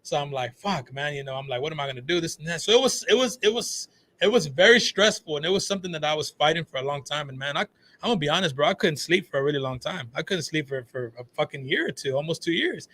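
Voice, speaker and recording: A man in his thirties telling stories in casual chat, profane and animated, calling everyone bro and dog. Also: on the high side, fast talker. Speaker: podcast guest, phone shop owner.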